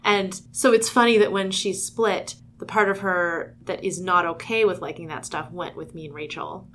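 A woman co-hosting a casual book discussion podcast, animated and laughing a lot. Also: fairly low pitch, normal speed. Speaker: podcast co-host.

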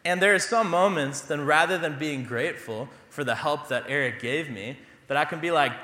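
Young pastor, bright tone, casual self-deprecating sermon delivery, roomy church echo. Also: male voice, on the high side, normal speed, few pauses. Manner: conversational, self-deprecating humor. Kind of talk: sermon with personal stories. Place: church sanctuary.

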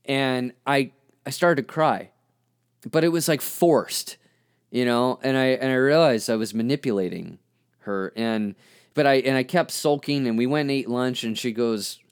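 Halting, reflective man with a smooth voice. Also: mid-range voice. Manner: halting, reflective, full of restarts; frank, self-critical. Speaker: podcast host. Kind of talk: candid personal monologue.

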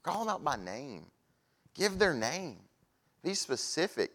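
A man preaching a sermon, telling folksy stories and swinging from soft asides to loud, animated points. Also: on the high side, takes it slowly.

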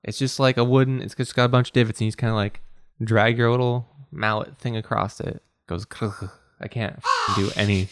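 A man's voice: mid-range voice, fairly even intonation, brisk, no room sound, clean studio sound. A man playing a tabletop role-playing game, talking in a loose, jokey, rambling way and often trailing off mid-sentence. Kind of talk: casual tabletop role-play chat.

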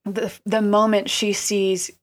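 Woman co-host, casual film analysis, reflective and unhurried. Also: mid-range voice, little pitch movement. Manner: thoughtful, analytical, drawn-out phrasing. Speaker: podcast co-host.

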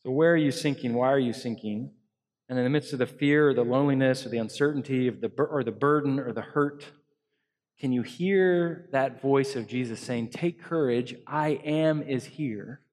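Earnest male pastor preaching in a reverberant hall. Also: mid-range voice. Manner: earnest, shifting between loud emphasis and soft hushed lines. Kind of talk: sermon. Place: church hall.

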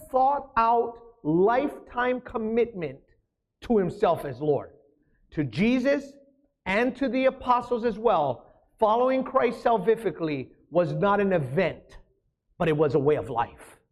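A man's voice: high voice, darkish tone. A man as pastor preaching a sermon, emphatic, often asking the congregation questions.

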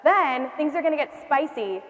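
A young woman teaches church history to a live class, her voice sitting high. She draws the room in with questions and repeats their answers back. Her words trail off into a long hall reverb. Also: animated, moderate pace. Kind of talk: classroom lecture.

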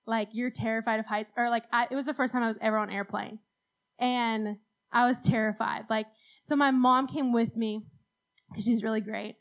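A woman's voice: fairly high pitch, steady tone, moderate pace, low-quality recording. A young woman telling a rambling, self-deprecating story at a church talk, laughing often. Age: young adult. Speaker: speaker at a church youth talk.

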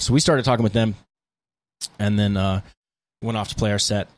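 A man's voice: lowish voice, steady tone, normal speed. A man co-hosting a podcast, telling tour stories in a laid-back, casual way with lots of fillers. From United States. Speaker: podcast co-host, band guitarist. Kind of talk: casual chat.

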